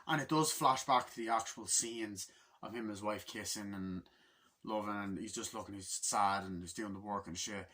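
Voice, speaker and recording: A man's voice: on the low side, normal speed, bright, forceful tone. A man giving a casual, rambling movie review, swearing constantly and acting out scenes in quoted voices.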